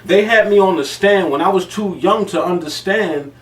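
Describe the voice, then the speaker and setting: Earnest man with a high voice. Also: normal speed. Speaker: panel guest. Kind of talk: casual panel talk. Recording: echoey room, mic far off.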